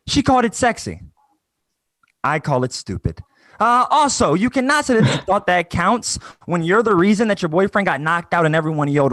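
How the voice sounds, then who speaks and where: A man's voice: sits high, very animated, a little fast, a bit bright, dry recording. A young man doing a self-mocking stand-up set over a video call, with a punchy delivery. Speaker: stand-up comedian.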